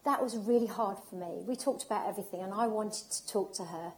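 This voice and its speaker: A woman's voice: mid-range voice, brisk, a little mellow. A woman giving an emotional, heartfelt personal talk at an event, speaking with emphasis and repetition.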